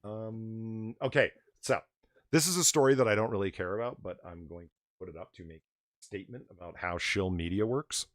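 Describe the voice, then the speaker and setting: A man's voice: fairly low pitch, fairly quick, no echo, clean studio sound. A man hosting a live stream, rambling casually and reading out donations. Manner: rambling, animated, reads donations aloud. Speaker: stream host. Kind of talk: casual livestream chat.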